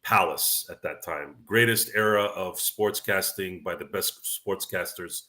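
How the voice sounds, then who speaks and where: A man's voice: low voice, unhurried, pushed and bright. A man hosting a casual sports talk stream, rambling with stammered restarts and reading viewer questions aloud. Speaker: podcast host.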